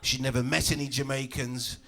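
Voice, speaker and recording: A man performing a stand-up comedy routine in a club, animated and acting out voices. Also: a little fast, gravelly. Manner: animated, acts out voices with big pitch jumps. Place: comedy club stage with audience.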